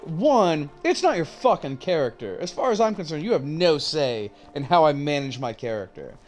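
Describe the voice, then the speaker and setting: A man's voice: a little high, sing-song, moderate pace, darkish tone, soft background music. A young man streaming a game, chatting casually and telling a rambling, profane story. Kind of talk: casual chat while gaming.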